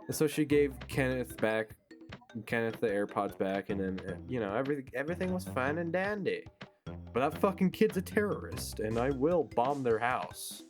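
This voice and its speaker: Young guy ranting and swearing thru a story while gaming, average pitch, game music going loud behind. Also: lively intonation, normal speed. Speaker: gaming channel host. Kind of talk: casual gameplay chat.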